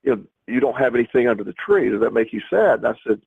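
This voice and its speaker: Husky middle-aged man on a tinny line. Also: medium pitch, sing-song, fast, no room sound. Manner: rambling, many restarts and repeated words. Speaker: podcast co-host. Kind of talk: casual chat.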